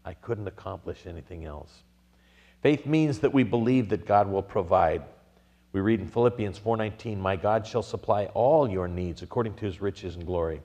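A man's voice: lowish voice, moderate pace, mellow, big-room sound. A middle-aged American man preaching a sermon, telling stories and acting out quotes, rising to emphatic peaks. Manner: storytelling with acted-out quotes, building to emphatic peaks. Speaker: pastor.

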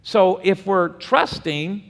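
A man's voice: high-pitched, slow pace, vocal fry. Man preaching in an echoing hall. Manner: lively preaching, asking the room questions and answering them. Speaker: pastor teaching a Bible study. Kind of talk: sermon. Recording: long hall reverb.

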